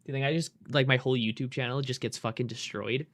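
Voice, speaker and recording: A young male streamer chats with his viewers while playing, loose and swearing as he goes. He talks fast in an ordinary mid-range male voice, relaxed and off the cuff.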